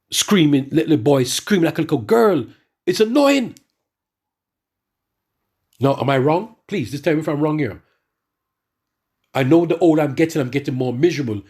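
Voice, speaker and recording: A middle-aged man ranting in a monologue and reading scripture to the brethren, animated and repetitive, often stumbling over restarts. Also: fairly high pitch, slightly rough. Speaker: religious speaker addressing the brethren.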